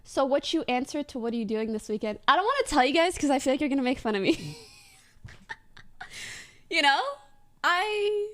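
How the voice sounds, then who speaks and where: A young woman chats casually with her stream viewers and tells an embarrassing story with frequent giggles. Her voice sits high and swoops all over as she talks. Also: moderate pace, long pauses. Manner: giggly, animated storytelling with lots of laughter.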